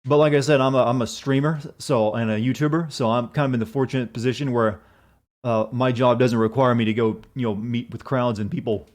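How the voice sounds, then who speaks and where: A man's voice: mid-range voice, fairly even intonation, fairly quick, darkish tone. A man streaming a video game, chatting casually, answering chat messages in a rambling, profane way.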